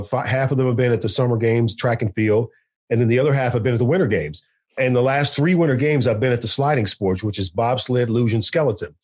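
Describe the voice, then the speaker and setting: A man hosting an esports podcast, a sports broadcaster talking in a chatty, animated way with fillers and interviewing guests over a video call. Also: mid-range voice. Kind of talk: casual podcast talk and interview.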